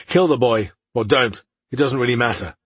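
A man voicing a commanding, impatient old male elf who gives curt, contemptuous orders in a husky voice. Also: mid-range voice, normal speed, no echo, close to an everyday voice.

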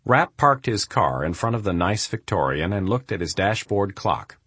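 This scripted audiobook narration comes from a man with a deep, husky voice, with no echo. He tells the story at a steady, measured pace.

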